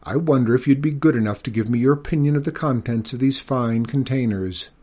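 A man's voice: medium pitch, fairly quick, dark tone, pitched above the performer's own voice, lightly acted. A man doing a polite, hapless young prince. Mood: pleading.

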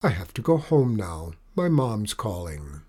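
A man voicing a timid young male dragon who speaks softly and apologetically. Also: fairly low pitch, big pitch swings, a little slow, breathy edge, full character voice. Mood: worried. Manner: soft, pleading and apologetic.

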